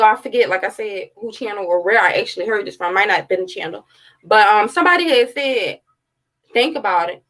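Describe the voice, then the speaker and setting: A woman's voice: on the high side, a bit bright, rough recording. A woman, giving blunt, heated, profane commentary in a casual livestream. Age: 30s. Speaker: true-crime commentary host.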